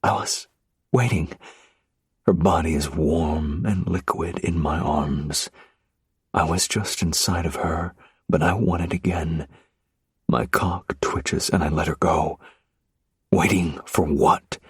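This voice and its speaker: A man narrating a romance audiobook in the first person, low, measured and intense. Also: fairly even intonation, breathy edge, no room sound.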